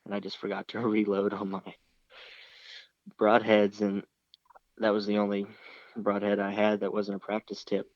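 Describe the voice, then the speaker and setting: A man's voice: on the low side, monotone, moderate pace, long pauses, a little mellow, no echo. A young man telling a story casually in an interview, rambling along with many restarts and fillers. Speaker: interview guest, hunter. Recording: slightly dull, dry recording.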